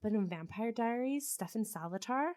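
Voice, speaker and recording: A woman co-hosting a casual podcast, reacting with quick exclamations and a chatty, valley-girl "like" manner. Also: on the high side, animated, darkish tone. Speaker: podcast co-host listener.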